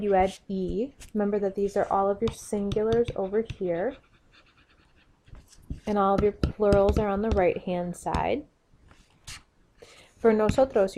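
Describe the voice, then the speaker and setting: A woman teaching a recorded grammar lesson, patiently spelling out verb endings and walking students through each form. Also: medium pitch. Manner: clear, patient explaining, spelling out endings and drilling conjugations. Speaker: Spanish teacher. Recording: noisy with pen clicks and writing sounds.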